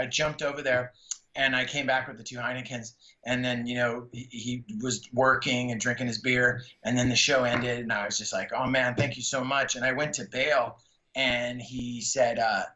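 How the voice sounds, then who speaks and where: A middle-aged man from San Jose, a guest comedian, telling a story in casual chat, excited and rambling with lots of fillers and restarts. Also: mid-range voice, moderate pace. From San Jose, California. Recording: echoey room, dull lo-fi sound.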